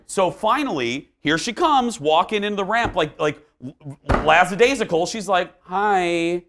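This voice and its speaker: A man's voice: high-pitched, expressive, normal speed, a bit bright. A man hosting a talk show, telling a story in casual chat and acting out the dialogue.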